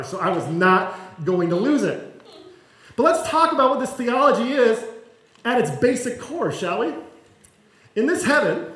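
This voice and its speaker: A man's voice: sits high, fairly bright tone, roomy sound, poor audio. A man pastor giving a sermon in a conversational, self-deprecating way, with touches of humor. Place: church sanctuary.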